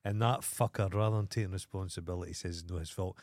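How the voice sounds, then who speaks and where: A man's voice: deep voice, steady tone, fast, darkish tone, dry recording, clean studio sound. A Scottish man co-hosting a podcast in casual chat, blunt and ranting with heavy swearing. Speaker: podcast co-host.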